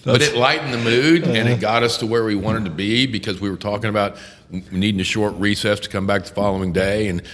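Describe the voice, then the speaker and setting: An older man, a criminal defense attorney hosting a podcast, telling courtroom stories in a profane, animated way. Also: lowish voice, brisk, long reverb tail. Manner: profane, animated storyteller who acts out courtroom voices. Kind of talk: casual storytelling chat.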